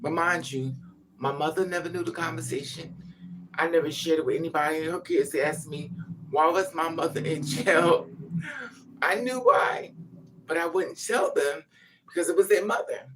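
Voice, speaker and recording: The recording has a little hiss or hum as a man with a slightly high, somewhat bright voice talks to camera at a moderate pace. This vlogger's candid monologue covers personal family stories, delivered bluntly and emphatically, with swearing and many asides.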